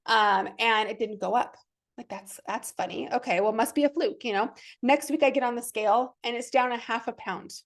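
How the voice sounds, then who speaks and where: A woman's voice: fairly high pitch, normal speed. A woman in her thirties hosting a fitness podcast, talking casually and enthusiastically and acting out the thoughts people have in their heads. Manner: chatty, enthusiastic, acts out her own inner thoughts. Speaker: fitness coach and podcast host. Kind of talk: casual motivational podcast talk.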